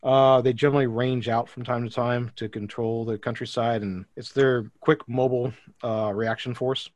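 A man's voice: medium pitch, level tone, normal speed, a little mellow, no room sound. A man narrating a tabletop game as game master, describing scenes with many fillers.

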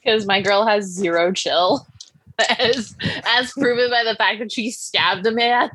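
A woman's voice: mid-range voice, unhurried, a bit bright, slightly rough, dry recording, low-quality recording. A woman playing a tabletop game, chatty and full of fillers, giggling as she describes things. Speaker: player. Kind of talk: casual tabletop game chat.

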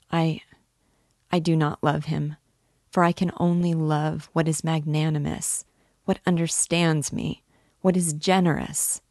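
A woman's voice: sits low, creaky, a little mellow, no echo, clean studio sound, heavily acted. A woman reading the part of an emotional young woman torn in love, pleading and breaking off mid-sentence. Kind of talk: dramatic reading of a novel.

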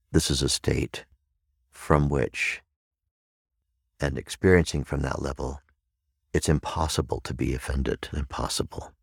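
A man speaking as a meditation teacher in a reflective podcast talk, slow and deliberate, repeating key phrases for emphasis. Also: extremely low pitch, creaky, no room sound, studio quality.

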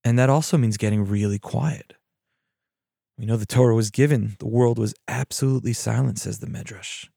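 A man who is a therapist and podcast host, telling a story and reflecting on spiritual practice in a measured, thoughtful way. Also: mid-range voice, gravelly, warm tone, no echo, studio quality.

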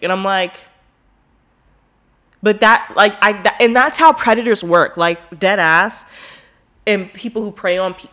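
A vlogger with a medium-pitched, slightly bright voice tells a story as casual commentary. She rambles, leans heavily on "like" and other fillers, and swears freely, getting heated whenever she's indignant.

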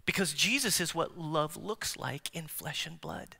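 A pastor in full preaching mode, his fairly high voice bright and ringing. He swings from loud, emphatic declarations down to hushed near-whispers and keeps checking in with the congregation. Long reverb from the church sanctuary trails behind every line. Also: moderate pace, vocal fry, few pauses, husky. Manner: engages the congregation with direct questions. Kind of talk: sermon.

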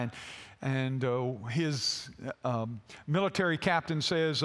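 A man preaching a sermon as a pastor, telling a story haltingly with many fillers. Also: fairly high pitch, a bit bright. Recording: long hall reverb.

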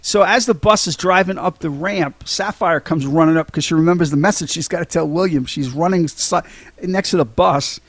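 With a slightly high voice at normal speed, a man co-hosting a podcast casually recaps a film scene by scene. He rambles, with lots of ums and restarts, and the recording has no room sound.

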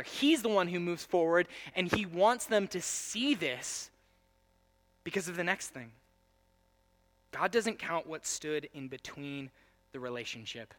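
Bright-voiced male preacher, hushed to loud. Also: a little high. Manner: swings from hushed storytelling to loud emphatic preaching. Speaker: pastor. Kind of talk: sermon.

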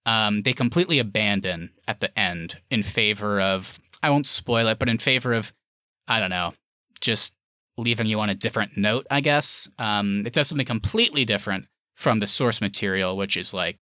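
A man's voice: fairly low pitch, moderate pace, pushed and bright, no room sound, clean studio sound. A man co-hosting a podcast, reviewing a movie in casual chat, talking freely with plenty of fillers. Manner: chatty, wordy, lots of fillers. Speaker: podcast co-host.

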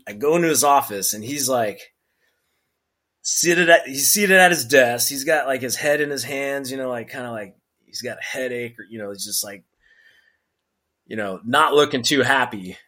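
Brief: middle-aged man, ex-Marine storyteller, animated, laughs often, mid-pitched. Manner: animated, acts out quotes with laughs. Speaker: podcast guest, former Marine sergeant. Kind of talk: casual storytelling.

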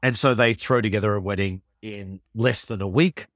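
Enthusiastic low-voiced man, dry sound. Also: moderate pace, no echo. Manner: enthusiastic, animated storytelling with laughs. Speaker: podcast co-host. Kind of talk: casual chat recapping an episode.

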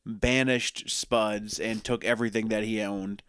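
A man co-hosting a casual chat, recapping a show in loose, profane talk and slipping into quick mock voices. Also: fairly low pitch, little pitch movement, fairly bright tone, clean tone, dry recording, studio quality. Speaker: podcast co-host recapping a TV series.

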